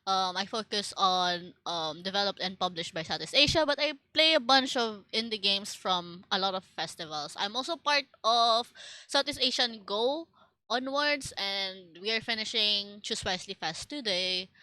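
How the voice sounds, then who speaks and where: A woman's voice: medium pitch, normal speed, bright, forceful tone, no echo, poor audio. A young Filipino woman streamer with a Filipino accent, chatting casually and rambling with lots of fillers and restarts. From Philippines.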